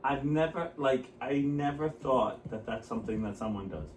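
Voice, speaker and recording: A man's voice: medium pitch, moderate pace. A man co-hosting a podcast, chatting casually and telling rambling stories with lots of laughter. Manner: rambling, animated storytelling with frequent laughter. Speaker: podcast co-host. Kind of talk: casual chat. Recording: roomy, slightly distant with faint noise.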